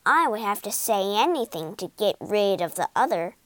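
Woman doing a croaky, sheepish little old wizard. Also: medium pitch, big pitch swings, moderate pace, a bit bright, no room sound. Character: little old man, timid fake wizard.

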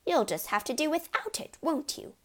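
Bossy scolding mum, sharp tongue, lecturing tone, voiced by a woman, storybook. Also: sits high, expressive, moderate pace, pitched above the performer's own voice. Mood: tart. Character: bossy scolding middle-aged mother.

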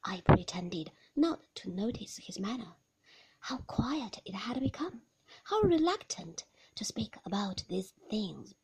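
A woman narrating a novel in a soft, hushed, whispered storybook reading. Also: medium pitch, sing-song, slow pace, a little hiss or hum. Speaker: audiobook narrator.

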